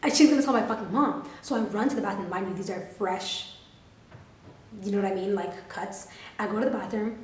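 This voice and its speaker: A woman in her twenties telling a storytime to her camera, animated, profane and full of "like" fillers. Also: medium pitch, fairly quick, far from the mic, slight background noise. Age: 20s. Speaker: vlogger. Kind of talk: storytime vlog. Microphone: camera filming herself. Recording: roomy, mic set back.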